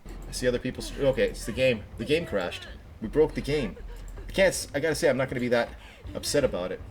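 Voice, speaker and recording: A man streaming a game live, chatty and excitable, talking to viewers between moves. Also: mid-range voice, fast. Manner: chatty, excitable, laughs easily. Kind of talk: live gameplay commentary.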